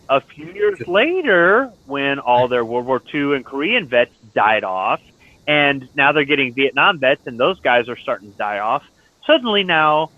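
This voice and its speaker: A middle-aged man, a Marine veteran, telling stories in blunt, profane casual chat. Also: medium pitch. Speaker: Marine veteran chatting in an online lobby. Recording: tinny phone-like voice chat.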